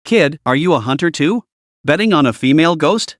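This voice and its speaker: A man's voice: fairly high pitch, animated, brisk, dry recording, clean studio sound, close to an everyday voice. A man voicing a smug, lecherous ghost hunter in a suit who taunts his rival. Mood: taunting. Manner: mocking and smug.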